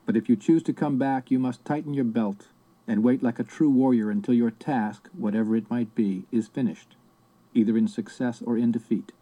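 A man's voice: medium pitch, steady tone, moderate pace, mellow, close to an everyday voice, low-quality recording. A man reading the part of an older male sorcerer in an audiobook, speaking in a harsh, commanding, solemn way.

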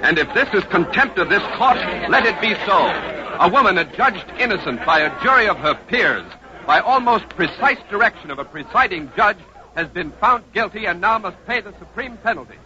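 A live courtroom radio reporter over crowd. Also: male voice, high voice, normal speed. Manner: steady, vivid live narration. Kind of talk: 1950s radio drama narration. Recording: dull old radio broadcast over crowd noise.

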